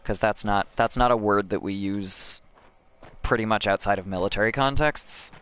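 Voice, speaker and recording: Speaking at an ordinary pace, this young man from the United States gives casual commentary on his gameplay, talking to viewers and cursing out of frustration. The recording is clean, his voice lowish and a touch bright.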